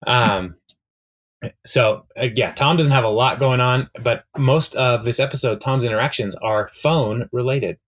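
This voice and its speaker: A man chatting on a podcast, recapping a TV episode with plenty of ums and uhs. He retells scenes and quotes the characters as he goes. His voice sits at an ordinary middle pitch. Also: a little slow, fairly bright tone. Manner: rambling, many fillers, retells scenes with quoted lines. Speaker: podcast co-host. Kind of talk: casual chat recapping a TV episode.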